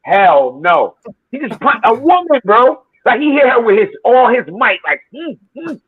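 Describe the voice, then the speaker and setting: A man hosting a football watchalong, telling animated stories with plenty of swearing. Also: very high voice, normal speed, slightly rough, no room sound, narrow, tinny audio. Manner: animated storytelling, heavy swearing, acts out quotes. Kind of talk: casual watchalong chat.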